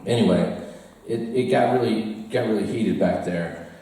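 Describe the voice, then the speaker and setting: Warm and on the low side, an American man speaks at a normal speed while telling a rambling, self-deprecating story to a live bar audience, often laughing at his own tale. The recording is distant, with a roomy echo.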